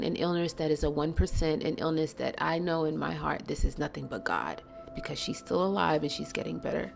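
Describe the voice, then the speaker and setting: A woman giving a blunt, earnest and emotional spiritual monologue, stressing slow words and sometimes dropping to a whisper. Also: lowish voice, gravelly, a little mellow. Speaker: spiritual channel host.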